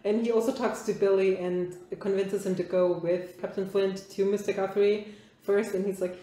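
Woman podcaster with a dark voice, echoey room. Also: mid-range voice, fairly even intonation, moderate pace. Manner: chatty, laughs often, says like a lot. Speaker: podcast co-host. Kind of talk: casual chat.

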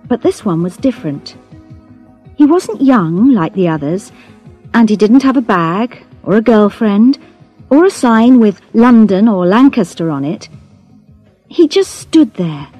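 A woman narrates a story slowly and deliberately, each phrase clear for language learners. Her voice is mellow and her pitch moves in a lively way. Quiet music plays in the background. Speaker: audiobook narrator.

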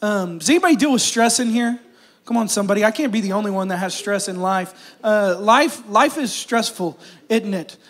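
Man, pastor, high voice, conversational sermon, calls out to the congregation. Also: moderate pace, fairly bright tone. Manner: conversational preaching with crowd call-outs and jokes. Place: church service.

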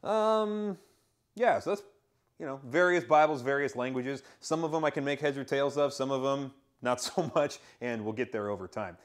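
A man's voice: medium pitch, moderate pace. A man, a pastor, casually showing his book collection, rambling with fillers and enthusiastic asides. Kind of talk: casual show-and-tell of his bookshelf.

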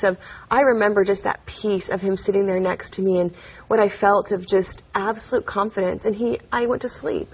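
A young adult woman appears as an interview guest, telling personal stories earnestly and chattily, full of fillers and frequent laughter. Her voice is mid-range and husky.

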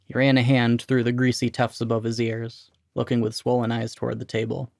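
A man reading his own short story aloud in a measured, steady narration. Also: medium pitch, creaky, no echo, clean studio sound. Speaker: reader.

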